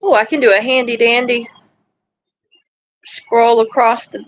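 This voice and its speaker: A woman's voice: a little high, fairly even intonation, measured pace, muffled recording. A woman hosting a casual livestream, rambling chattily and breaking off to scold or coo at her dog outdoors. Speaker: livestream host. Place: outdoors in a yard.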